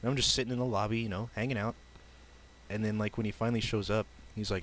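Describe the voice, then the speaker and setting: A young man streaming, telling a story casually and haltingly, often breaking into giggles. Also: lowish voice, fairly even intonation, fairly bright tone. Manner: giggly, halting, lots of fillers.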